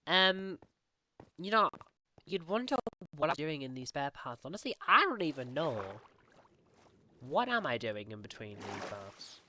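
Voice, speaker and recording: A young woman chatting casually over a game recording, rambling and acting out what others said in a higher voice. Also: background noise. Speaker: Minecraft roleplay vlogger.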